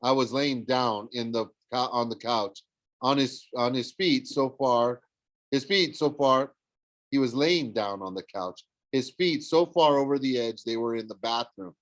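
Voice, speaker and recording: A man reading a novel aloud, animated, with frequent slips and self-corrections. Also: medium pitch, unhurried, no room sound. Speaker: audiobook reader. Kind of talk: storybook read-aloud narration.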